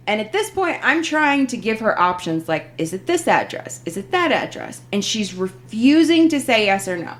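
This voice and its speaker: Woman host, casual chat, lively pitch, acts out the quoted lines. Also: moderate pace, hardly any pauses. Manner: animated storyteller, acts out quoted phone reps. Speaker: podcast host.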